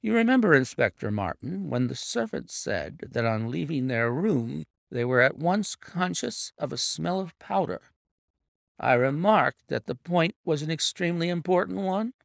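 A man reading an audiobook voices a sharp, composed detective in a measured, authoritative manner. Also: fairly high pitch, big pitch swings, gravelly, no echo, clean studio sound, voice pushed up. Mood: assured. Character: sharp, composed male detective, middle-aged.

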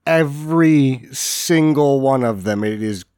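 A man in the middle of a relaxed podcast chat, rambling loosely and chuckling as he goes. His voice sits at an ordinary pitch. The recording is dry and close. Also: slow, no room sound. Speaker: podcast co-host. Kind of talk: casual chat.

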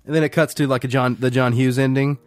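A man co-hosting a podcast, chatting casually about a film, animated and quick to laugh and swear. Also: medium pitch. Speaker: podcast co-host.

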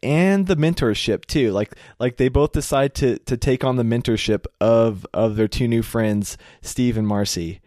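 A man co-hosting a casual podcast chat about a TV show, relaxed and talkative, often repeating his words. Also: mid-range voice, normal speed, few pauses, dry recording, clean studio sound. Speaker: podcast co-host.

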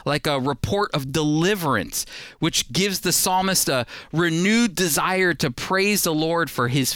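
A man teaching on the Bible in a radio program, expressive and emphatic, repeating key points so they stick. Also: sits high, no room sound, clean studio sound. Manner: expressive, reads scripture aloud with feeling.

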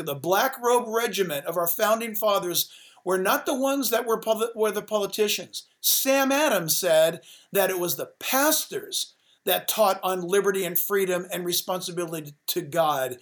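A man's voice: high voice, normal speed, a bit bright. A man, a pastor guest on a talk show, speaking in a fervent, preachy way and exhorting his listeners directly. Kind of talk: forceful talk-show interview.

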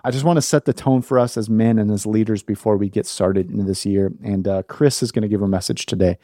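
Deep, mellow male podcast host. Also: steady tone, quick pace, no room sound, clean studio sound. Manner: earnest, exhorting. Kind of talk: podcast introduction, faith encouragement.

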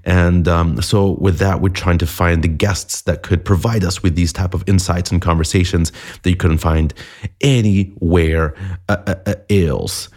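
A man's voice: low voice, steady tone, normal speed. A man hosting a podcast in a chatty, self-deprecating monologue, a little sniffly from a cold. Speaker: podcast host.

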